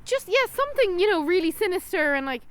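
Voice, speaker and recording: A woman co-hosting a casual film review podcast, animated and quick to laugh. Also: extremely high pitch. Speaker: podcast co-host.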